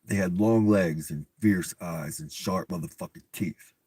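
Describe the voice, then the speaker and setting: A man's voice: low voice, measured pace, dark tone, breathy edge, no room sound. A man reading a storybook aloud and breaking off for profane, incredulous comic commentary. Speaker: reader and commentator. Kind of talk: comedic read-aloud with commentary.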